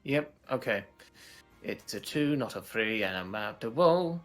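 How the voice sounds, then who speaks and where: A man playing a tabletop game, chatting casually with excitable, cheering banter and some swearing. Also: on the low side, normal speed, faint music behind. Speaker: player.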